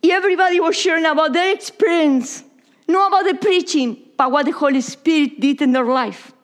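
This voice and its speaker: High-voiced woman preaching in English. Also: fairly quick. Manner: non-native English with Spanish slips, drops to whispers. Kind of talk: sermon.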